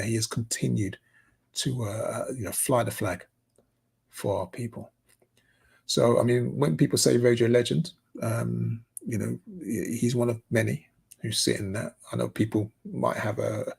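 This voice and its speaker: A man's voice: medium pitch, creaky, darkish tone, slightly rough. A man hosting a community news update in casual, rambling commentary full of fillers and restarts. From United Kingdom.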